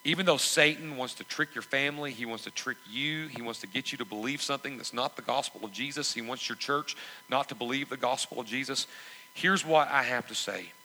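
A man preaching a sermon, emphatic and repetitive, swelling into loud exhortations. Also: mid-range voice, fairly quick, in a large hall, slight background noise, low-quality recording. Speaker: pastor.

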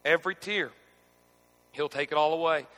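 A man preaching a sermon as pastor, swinging between shouting and near-hushed speech. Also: a little high, moderate pace, big-room sound.

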